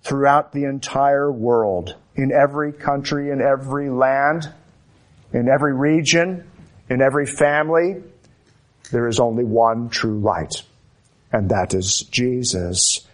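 A man preaching a sermon, slow and emphatic, building repeated phrases with dramatic pauses. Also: mid-range voice, fairly even intonation.

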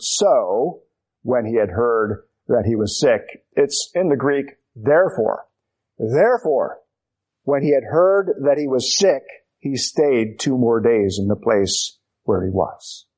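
A man's voice: mid-range voice, slow pace, a little mellow. A man preaching an expository sermon, emphatic, building his points through repetition.

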